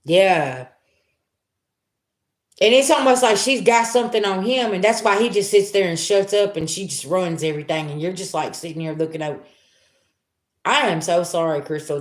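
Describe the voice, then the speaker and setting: A woman with a low voice gives a live psychic reading at normal speed. Her style is blunt, emphatic, and slangy, and the recording has a roomy echo.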